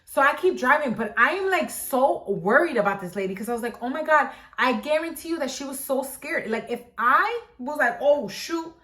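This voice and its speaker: A woman tells a story on her channel in a lively, chatty way, acting out what people said and dropping "like" everywhere. Her voice sits a bit high, and the room gives it a hollow echo. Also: a little fast, few pauses. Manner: animated, lots of "like", acts out quotes. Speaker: vlogger. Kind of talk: casual storytelling. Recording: echoey room.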